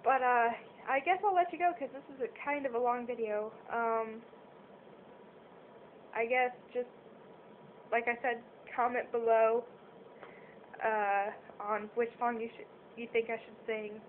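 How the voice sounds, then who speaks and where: A woman's voice: on the high side, fairly even intonation, measured pace, pauses often. A young woman chatting casually to her viewers, rambling and apologizing often, with lots of fillers. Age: young adult. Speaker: vlogger. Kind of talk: casual chat to camera. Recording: tinny phone-quality audio with faint hiss.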